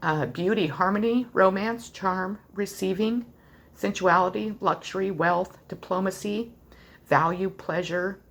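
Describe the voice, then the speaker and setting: A woman's voice: mid-range voice, unhurried. A woman giving a tarot card reading to the viewer, speaking in an earnest, heartfelt way, loose and rambling with many fillers. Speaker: tarot reader.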